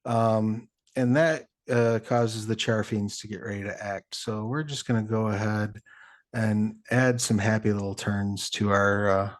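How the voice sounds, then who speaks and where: A man running a tabletop game as game master, talking in a relaxed, chatty way with plenty of fillers. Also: lowish voice, unhurried.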